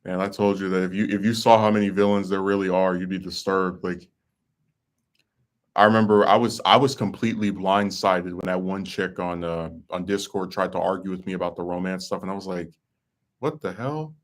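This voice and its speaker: A man's voice: deep voice, flat delivery, brisk. A young man hosting a podcast, ranting in a blunt, sarcastic, exasperated way. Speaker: podcast host. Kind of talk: casual chat.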